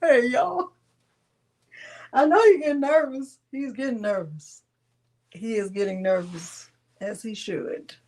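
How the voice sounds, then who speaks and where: A woman's voice: on the high side, slow, pauses often, a little mellow. A woman hosting a live crafting tutorial, chatting casually and teasing with frequent laughter. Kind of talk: casual live-stream chat.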